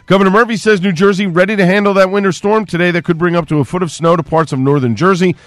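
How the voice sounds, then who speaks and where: Steady male radio newscaster. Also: sits high, fast talker, dry recording. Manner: steady, clipped news delivery. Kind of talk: radio news reading.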